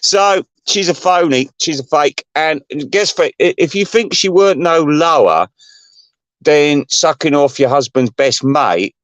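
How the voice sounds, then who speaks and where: A man's voice: on the high side, lively intonation, measured pace, a bit bright, no room sound, muffled recording. A man hosting his channel, ranting in a rambling, gossipy and profane way. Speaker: channel host. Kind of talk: rambling livestream rant.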